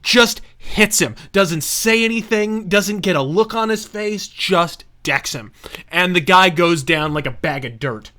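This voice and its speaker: A man as host telling a profane, animated story with laughter while playing a game. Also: high voice, measured pace. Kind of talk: casual storytelling while gaming.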